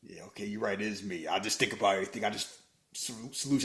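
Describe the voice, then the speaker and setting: A man co-hosting a podcast, joking his way through a movie recap in casual banter and slipping into quick character bits. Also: fairly low pitch, fairly bright tone. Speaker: podcast co-host.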